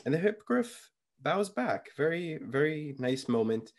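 A young man co-hosting a podcast, casually retelling a book chapter with lots of fillers and quick quoted lines. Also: a little high, very animated, slight background noise. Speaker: podcast co-host.

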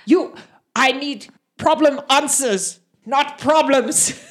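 A woman voicing a huge, hot-tempered male orc high priest who barks demands in broken speech. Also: takes it slowly. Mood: demanding.

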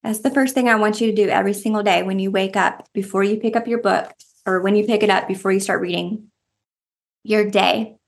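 A woman giving passionate devotional preaching, animated and fervent, breaking into laughter at times. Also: mid-range voice, brisk, gravelly. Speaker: devotional author and speaker.

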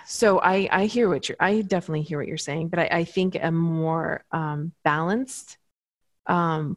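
A woman therapist calmly explaining coping techniques in casual conversation, talking with many fillers and restarts. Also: low-pitched, no room sound. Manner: calm, explanatory, with frequent fillers.

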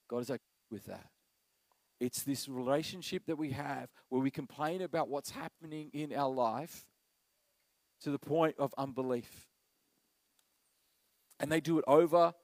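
Animated pastor preaching. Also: male voice, fairly high pitch, no echo, rough recording. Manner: animated, acts out quoted voices. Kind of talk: sermon.

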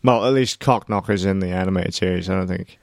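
A man's voice: low-pitched, quick pace, creaky, darkish tone, dry recording, clean studio sound. A man co-hosting a casual podcast, laid-back and trailing off mid-sentence. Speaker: podcast co-host. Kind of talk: casual chat.

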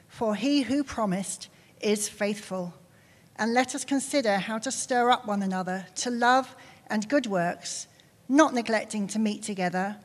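A woman reading a Bible passage aloud in a measured, careful way in church. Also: medium pitch. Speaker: scripture reader. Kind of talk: scripture reading. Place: church sanctuary. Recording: long reverb of a church hall.

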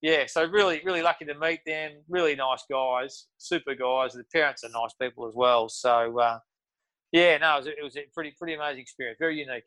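A man's voice: on the high side, steady tone, a little fast, bright, forceful tone, no room sound, low-quality recording. A man with an Australian accent telling stories as a podcast guest, rambling with lots of restarts and fillers. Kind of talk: casual storytelling.

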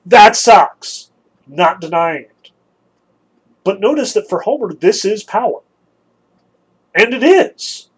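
Male lecturer, high voice, conversational and emphatic with wry asides. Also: lively intonation, slow pace, long pauses, husky, rough recording. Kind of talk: casual lecture on a classic text.

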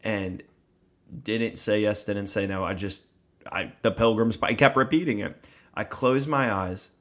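Earnest low-voiced male podcast host. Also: unhurried. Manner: earnest, animated storyteller. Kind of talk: casual conversation, storytelling.

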